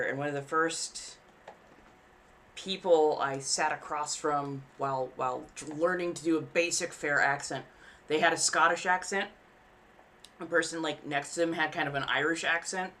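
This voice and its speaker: A woman's voice: sits low, fairly bright tone, slight background noise. A woman chatting casually on a live stream while she sews, rambling and frank, swearing freely and laughing at herself. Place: home apartment.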